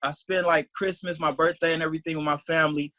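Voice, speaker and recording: Fast, bright-voiced young man telling a story. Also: fairly high pitch, no room sound, poor audio. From Detroit, USA. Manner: rambling, animated, heavy use of "like", acts out quoted speech. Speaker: interview guest, salesman. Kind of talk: casual storytelling in an interview.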